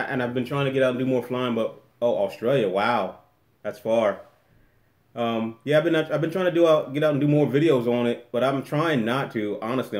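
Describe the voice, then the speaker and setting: A man's voice: medium pitch, a little mellow. A man chats loosely through a live stream at home, trailing off and circling back as he answers questions from the chat. His voice sits in a mid range and bounces around a bare, echoey room. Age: adult with a daughter. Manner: rambling, restarts often, reads chat aloud. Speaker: vlogger hosting a live Q&A.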